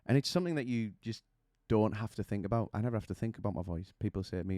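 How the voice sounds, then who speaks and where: A man's voice: on the low side, fast, mellow, no echo, studio quality. A man coaching singers, explaining vocal technique with images and questions to the listener.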